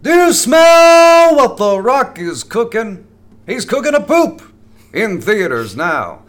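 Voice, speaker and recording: A man doing an impression of a wrestler-turned-actor, shouting in a wrestling promo style. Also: very high voice, very animated, takes it slowly, pitched above the performer's own voice, heavily acted. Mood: hyped.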